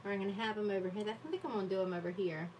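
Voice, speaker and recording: A woman's voice: medium pitch, steady tone, very fast, darkish tone, far from the mic, slight background noise, rough recording. A woman hosting a live stream from her home desk, chatting casually and laughing often at herself. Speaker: livestream host. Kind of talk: casual chat while journaling.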